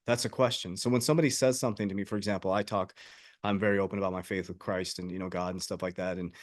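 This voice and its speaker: A man with a lowish voice speaks on a podcast conversation. He talks like the life coach he is, earnest and emphatic, driving his points home through personal stories. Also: fairly even intonation, rapid-fire.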